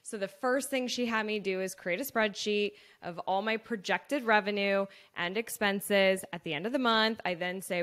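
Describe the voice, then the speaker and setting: A woman's voice: mid-range voice, moderate pace, hardly any pauses, fairly bright tone. A woman in her thirties hosting her own podcast, talking casually and earnestly about her business, with lots of "like" and "so". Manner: chatty and earnest, full of "like" and "so". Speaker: podcast host and business owner. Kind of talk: casual solo podcast talk.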